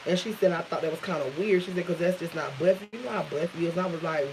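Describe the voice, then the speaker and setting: A woman's voice: lowish voice, quick pace, hardly any pauses, background noise. A woman vlogger casually retelling a dramatic story, swearing freely and acting out what others said. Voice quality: profane, dialect-rich, acts out quotes. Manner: animated retelling with shifting quoted voices.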